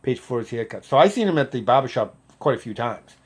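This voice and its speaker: A man in his fifties, a former Marine, casually telling a profane story and getting loud when he quotes people. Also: medium pitch, fast talker, slightly rough. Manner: profane, animated, loud when quoting others.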